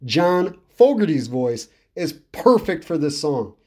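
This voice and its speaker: A man's voice: fairly high pitch, big pitch swings, slow pace, mellow. A man hosting a podcast who talks through an album in a casual, enthusiastic, rambling way, repeating himself for emphasis. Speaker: podcast host. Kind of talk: casual music review monologue.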